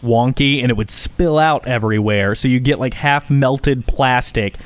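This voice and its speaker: A man's voice: medium pitch, normal speed, no echo. A man co-hosting a podcast, chatting casually and rambling through childhood memories. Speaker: podcast co-host. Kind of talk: casual chat.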